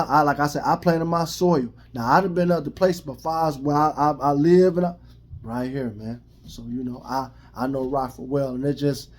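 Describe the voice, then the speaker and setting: A man's voice: mid-range voice, a little mellow. A middle-aged man with a Chicago accent, ranting bluntly to camera in heavy street slang and profanity. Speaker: vlogger giving his opinion. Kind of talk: casual rant to camera.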